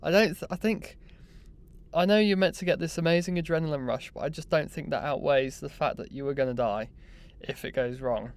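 A young man telling a personal story in a casual, animated, self-mocking way. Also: on the high side, a little fast. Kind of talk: casual anecdote monologue.

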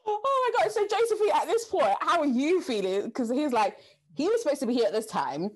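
A woman hosting a chatty conversation, her voice high and bouncing all over the place. She gushes loudly, jumps in fast and eggs her guests on. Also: big pitch swings. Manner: effusive, loud, quick to gush. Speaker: host. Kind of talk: casual chat.

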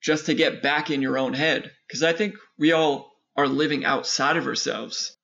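A man's voice: fairly high pitch, steady tone, moderate pace, creaky, a bit bright. A man co-hosting a casual podcast chat, talking in a laid-back, rambling, slangy way. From San Diego area. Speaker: podcast co-host. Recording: muffled lo-fi audio.

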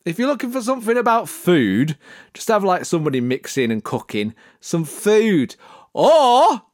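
Man, podcast tips, comic monologue, lively swooping voice, dry close sound. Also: normal speed, no echo. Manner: jokey, mock-serious and theatrical, with sudden swoops in pitch. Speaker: podcast producer giving tips.

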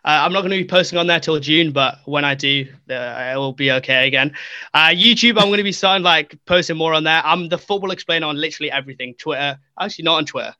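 Animated, bright-voiced young man telling stories. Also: fairly high pitch, fast, dry recording. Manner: animated, acts out quotes, many fillers. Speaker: podcast guest. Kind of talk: casual storytelling.

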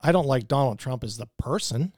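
A man's voice: medium pitch, expressive, a little fast, darkish tone, no echo, studio quality. A man arguing heatedly in a call, snide and insulting. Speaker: caller. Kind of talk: heated phone argument.

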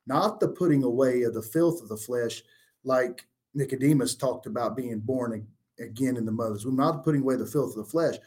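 A man's voice: medium pitch, a little fast, darkish tone. A man answering questions on a religious show, reading old-style scripture aloud and then explaining it earnestly. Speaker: guest bible teacher. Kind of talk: scripture teaching.

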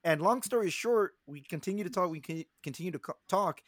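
Animated young man telling a story. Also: high-pitched, brisk, no echo, clean studio sound. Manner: animated storyteller, swearing, acting out quotes. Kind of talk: casual storytelling chat.

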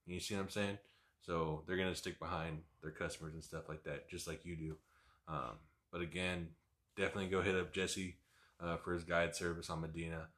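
Man, podcast host, very low voice, bright edge, laid-back talk. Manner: laid-back, chimes in with short replies and laughs. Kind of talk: casual chat.

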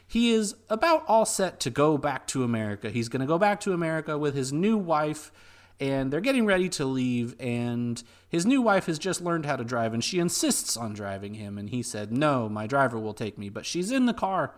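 A young man co-hosting a podcast, summarizing a film in a steady, orderly way with dry asides. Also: fairly high pitch, normal speed. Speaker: podcast co-host. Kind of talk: casual film recap chat.

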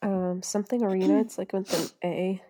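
A woman's voice: medium pitch, steady tone, a little fast, dark tone. A young woman co-hosting a casual fan podcast, gushing and squealing and laughing often. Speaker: podcast co-host.

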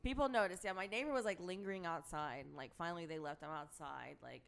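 A woman with a smooth, resonant voice pitched on the low side for her sex. She chats as a guest on a radio show, bubbly and quick to laugh as she tells a story, and talks into a studio microphone. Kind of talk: casual chat.

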